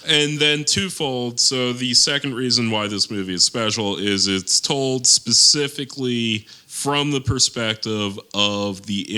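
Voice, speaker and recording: A man co-hosting a podcast in casual chat, rambling through explanations with quick asides and frequent laughs. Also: fairly low pitch, bright, forceful tone, smooth. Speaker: podcast co-host.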